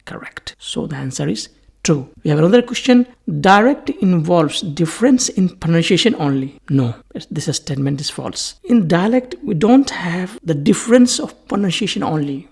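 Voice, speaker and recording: Male lecturer, gravelly husky voice, patient and repetitive, teaching a recorded lesson. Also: on the high side, a little mellow. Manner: slow, repetitive explaining, restating each point several ways. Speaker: linguistics lecturer.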